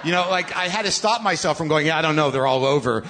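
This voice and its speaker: A middle-aged American man rants through a comic story on a live stage, sounding profane and exasperated. His voice sits a little high for a man and breaks into sudden loud bursts. A faint hiss of noise runs underneath. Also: lively intonation, fast talker. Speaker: podcast host.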